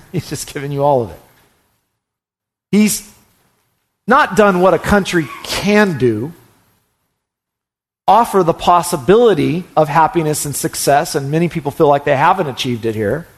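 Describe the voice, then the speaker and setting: A man preaching a sermon from the pulpit in a fairly high voice. He delivers it with fervor, hammering his key phrases again and again, and his words sometimes tumble into quick stammers as he presses on. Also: expressive. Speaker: pastor.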